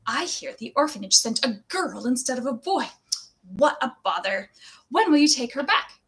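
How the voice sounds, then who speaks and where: A woman's voice: high voice, big pitch swings, normal speed, a bit bright, exaggerated voice. Woman doing a rude, gossipy old neighbor. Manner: blunt and scornful.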